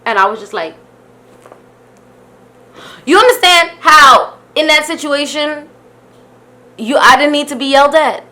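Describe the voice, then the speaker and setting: A young adult woman telling a vlog story about being pulled over, animated and indignant, with some swearing. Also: sits high, unhurried, long pauses. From United States. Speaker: YouTuber.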